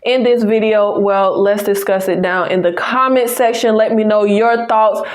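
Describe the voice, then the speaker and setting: A woman's voice: mid-range voice, steady tone, moderate pace. A woman from the American South with a Southern accent, hosting a casual movie review channel and chatting to viewers in a sassy, teasing way.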